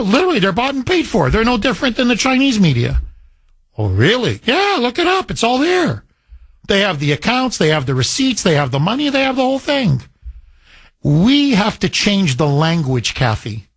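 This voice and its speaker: A male talk radio host with a high, lively voice that swings up and down as he pushes his points. He is combative and repetitive. His sound is dry and close. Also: no echo.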